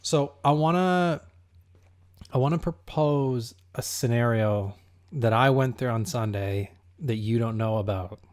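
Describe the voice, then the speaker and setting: A man's voice: medium pitch, unhurried, darkish tone. Rambling young man telling a story. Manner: rambling storyteller, going off on tangents. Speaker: podcast co-host. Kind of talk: casual chat.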